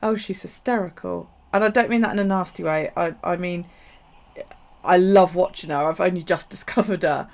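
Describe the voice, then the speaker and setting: A woman chats loosely through a crafting stream, jumping between thoughts and dropping casual swears. Her voice has a gravelly, creaky edge, and she often laughs at herself mid-story. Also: on the low side, normal speed, a little mellow. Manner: chatty, rambling, swears freely, laughs at herself. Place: home craft space.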